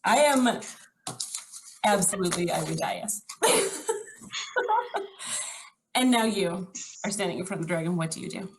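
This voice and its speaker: A woman guest co-hosting a podcast in casual chat, warm and reassuring, laughing often. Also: fairly low pitch, lively intonation, moderate pace, pauses often, slight background noise. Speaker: guest co-host.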